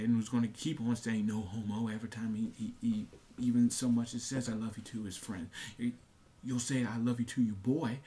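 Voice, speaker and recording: A man's voice: medium pitch, flat delivery, moderate pace, warm tone. A young man talking earnestly to his camera in a casual monologue, repeating himself with many fillers and restarts. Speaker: vlogger.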